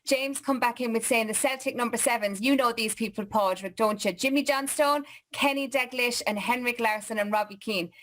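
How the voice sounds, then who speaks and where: A woman's voice: fairly high pitch, normal speed, few pauses, a bit bright. A woman hosting a live online chat show, reading viewer comments in a chatty, upbeat way over a video call. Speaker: host.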